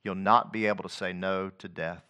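The man keeps a steady tone at normal speed while preaching, quoting scripture in a rhythmic cadence that alternates between quiet low lines and loud, rising proclamation.

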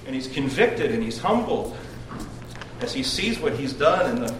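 A man preaching a devotional sermon at a prayer meeting, retelling with earnest emphasis and swings in loudness. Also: medium pitch, sing-song, normal speed. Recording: roomy distant recording with background noise.

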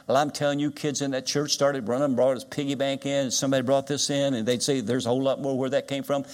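An older man preaching a sermon, moving from quiet storytelling to loud, drawn-out emphasis. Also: medium pitch. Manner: dynamic preaching, swings loud and soft. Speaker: guest preacher.

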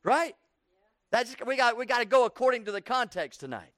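Preaching an evening sermon, a man calls out "Amen?" to the congregation and works through rhythmic repetition until he reaches a fervent pitch. He sounds animated, fairly quick, and a little bright, captured in studio quality without any room sound.

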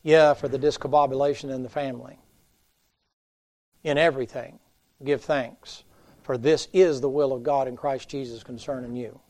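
A middle-aged man preaching a revival sermon, folksy and storytelling, swinging from loud to hushed. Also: medium pitch, steady tone, normal speed. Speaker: pastor.

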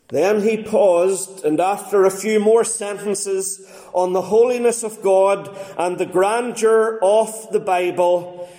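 Man, preacher, sermon, unhurried and deliberate delivery, roomy echo. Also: high-pitched, dark tone. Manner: slow, deliberate reading with dramatic pauses. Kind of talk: sermon with read-aloud story. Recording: echoey room.

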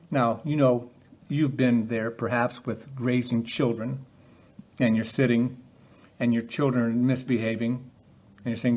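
A man's voice: mid-range voice, a little slow, a little mellow. A man preaching a sermon in a conversational way, often putting rhetorical questions to his listeners.

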